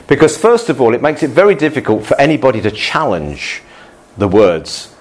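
A male pastor giving a relaxed, good-humoured sermon to his congregation, often laughing and restarting his sentences. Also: mid-range voice, brisk.

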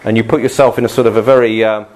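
A male pastor giving a relaxed, good-humoured sermon to his congregation, often laughing and restarting his sentences. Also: fairly low pitch, rapid-fire.

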